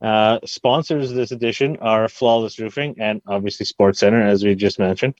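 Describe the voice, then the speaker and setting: Man, podcast host, monotone, halting, dull lo-fi sound. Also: lowish voice, no room sound. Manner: self-described monotone, halting with many "uh"s. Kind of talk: casual sports podcast chat.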